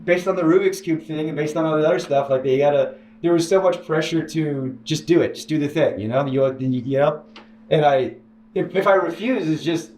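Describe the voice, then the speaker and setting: A man telling a painful personal story as an interview guest, halting and restarting, quoting others in a raised voice. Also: darkish tone. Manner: halting, many restarts, mimics others in higher voice. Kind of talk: emotional personal account. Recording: echoey room with faint hiss.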